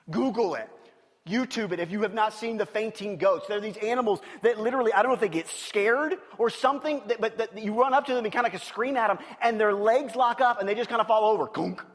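A male pastor preaching a sermon, animated and playful, telling stories and asking the congregation questions. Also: sits high. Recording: long reverb of a large hall.

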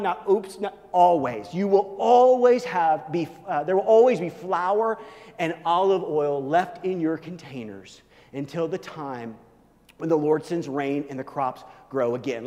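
A man's voice: a little high, moderate pace, a little mellow, long reverb tail. A male pastor preaching an emphatic sermon, urging his listeners again and again to listen.

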